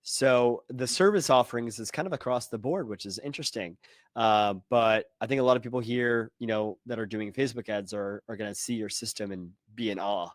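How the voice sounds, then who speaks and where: A man's voice: fairly low pitch, brisk, no echo. A man co-hosting an online call, chatty and hesitant with many filler sounds. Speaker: webinar co-host. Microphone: video call.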